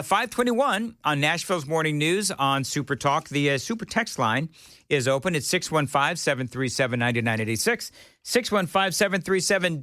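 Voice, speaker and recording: A man's voice: on the high side, bright, forceful tone, no echo, clean studio sound. A man hosting a morning talk radio show, opinionated and joking. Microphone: studio mic.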